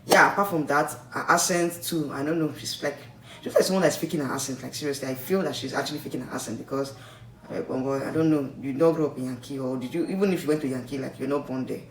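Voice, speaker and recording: A man's voice: medium pitch, steady tone, fast talker, a bit bright. A man with a Nigerian accent, vlogging casual commentary in a rambling, chatty way that keeps checking in with the listener. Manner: chatty, rambling, keeps tagging "okay?" and "like, seriously". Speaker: vlogger reviewing a reality show. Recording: echoey room, distant mic, faint noise.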